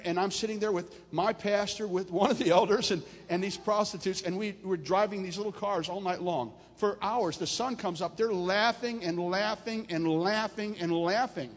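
A man preaching with a high voice, telling long stories to his congregation. He builds in force and pitch as he drives his points home. His voice rings through a big, reverberant hall. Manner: animated preaching, rising and loud at climaxes. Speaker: pastor. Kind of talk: storytelling sermon.

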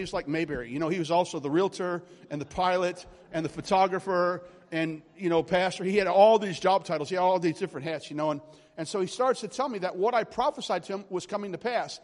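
A man in his forties preaching a charismatic sermon, telling stories and building to loud exhortation. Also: high-pitched, long reverb tail.

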